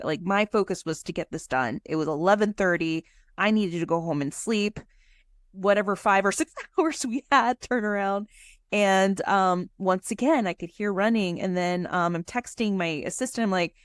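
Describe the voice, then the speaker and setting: A woman's voice: on the low side, moderate pace, no echo, studio quality. Chatty woman telling a story. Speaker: guest. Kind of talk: casual podcast storytelling.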